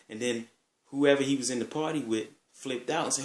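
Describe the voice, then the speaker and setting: A man's voice: medium pitch, a little fast, darkish tone. Laid-back man telling stories, echoey room. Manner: laid-back, profane, rambling. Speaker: vlogger. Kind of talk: casual storytelling.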